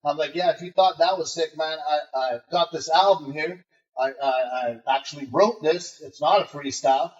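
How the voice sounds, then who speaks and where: This guest in a casual interview has a fairly high voice and a moderate pace, cursing often as he tells brash, animated stories. He acts out the voices of people he met, heard over a muffled remote call that sounds roomy and distant.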